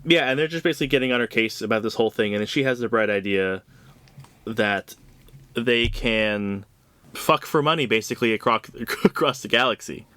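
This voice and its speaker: A man's voice: medium pitch, a little fast, bright, forceful tone, no room sound. A man co-hosting a podcast, discussing a comic book in casual chat, blunt and profane with a dry, sarcastic edge. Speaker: podcast co-host.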